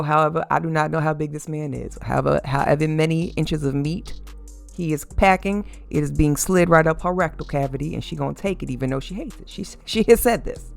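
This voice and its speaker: A host giving casual opinion commentary on celebrity couples, animated and sassy, mocking fans by quoting them. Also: mid-range voice, gravelly.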